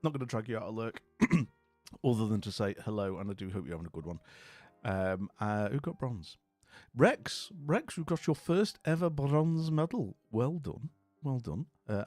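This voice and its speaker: Chatty streamer with lively pitch. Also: male voice, normal speed, no echo, faint music behind. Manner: chatty, jokey, rambling with fillers and restarts. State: tired and dopey. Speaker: livestream host. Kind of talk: casual live-stream chat greeting viewers.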